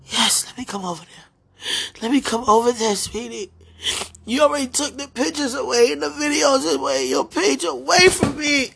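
A tearful woman in an emotional spoken prayer, pleading in halting, repeated phrases. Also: high voice, big pitch swings, vocal fry, fairly bright tone, slight background noise.

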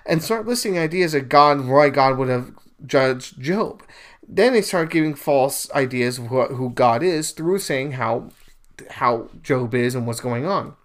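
A man with a medium-pitched voice, talking a little slowly, hosts a podcast where he casually retells a scripture story and comments on it from a religious angle. Emphatic and animated, he performs the lines of quoted figures and keeps things conversational with fillers and side remarks.

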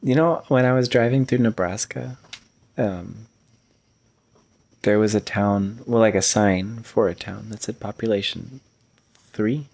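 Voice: mid-range voice, unhurried, creaky, long pauses, a little mellow. A host in casual chat, laid-back and dry, asking short teasing questions.

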